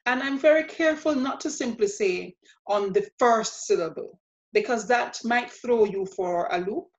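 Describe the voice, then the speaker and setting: A woman teaching a language lesson, explaining rules step by step in a patient, methodical way and repeating example words slowly. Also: on the high side. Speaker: Spanish teacher. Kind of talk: spoken grammar lesson. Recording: dull lo-fi sound.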